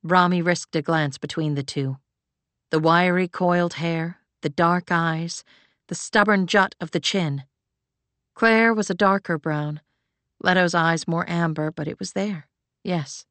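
A woman reading fantasy fiction aloud as an audiobook narrator, in an even, measured way. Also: lowish voice, dry recording.

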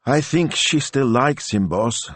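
A man's voice: mid-range voice, animated, slow pace, a bit bright, slightly rough, dry recording, voice pushed up, full character voice. Man doing storybook assistant: eager, blunt young guy, raised voice, bouncy delivery, dry read.

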